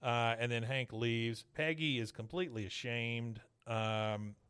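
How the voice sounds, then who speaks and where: A podcast host with a mid-range, clean-toned voice talks a little slowly as he casually recaps an episode. He's an animated storyteller who acts out the quotes.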